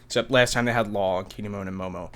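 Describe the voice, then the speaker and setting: A man's voice: on the low side, fairly even intonation, fast, fairly bright tone, clean tone. A young man in his twenties, casually talking through a manga chapter review in a loose, slangy, chatty way with casual swearing. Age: 20s. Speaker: anime review vlogger.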